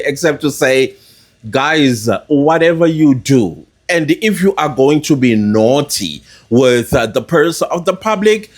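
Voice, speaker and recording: Animated South African male commentator. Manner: animated, laughs often, big pitch swings. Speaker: news commentator. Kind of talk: casual commentary to camera.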